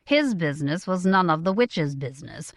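Expressive woman reading a fantasy audiobook. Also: on the low side, normal speed, dry recording, clean studio sound. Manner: smooth, expressive storytelling. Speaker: audiobook narrator. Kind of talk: scripted fantasy narration.

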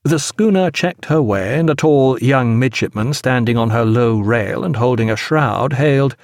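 A man narrating a sea novel as an audiobook, expressive and measured. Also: medium pitch, no room sound, clean studio sound.

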